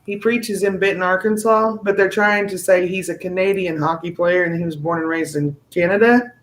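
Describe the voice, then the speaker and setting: A high-pitched man hosts a live stream and chats casually at a moderate pace. He's excitable and rambling, stumbling over words and restarting sentences.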